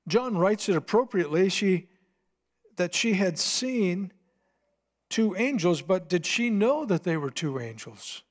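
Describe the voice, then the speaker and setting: A man's voice: high-pitched, sing-song, a little slow. Man preaching a dramatic sermon. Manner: dramatic storytelling, swings between hushed and emphatic. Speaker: pastor.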